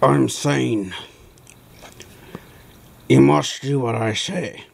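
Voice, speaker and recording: A man's voice: mid-range voice, drawn-out words, gravelly, husky, full character voice. A man voicing a bossy, overprotective plush fox in a homemade toy skit, sighing and stammering as he gives orders. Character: fussy plush male fox Foxy, overprotective.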